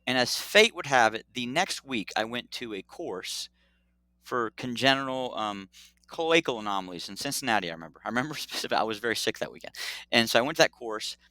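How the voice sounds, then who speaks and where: A middle-aged man, a doctor, telling a story in a casual interview, animated and acting out dialogue. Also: mid-range voice, brisk, dry recording. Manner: animated, acts out dialogue, laughs often. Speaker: pediatric urologist guest.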